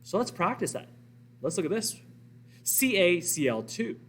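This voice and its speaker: A man's voice: high voice, big pitch swings, normal speed, a little hiss or hum. A man teaching a recorded science lesson, explaining step by step and asking and answering his own questions.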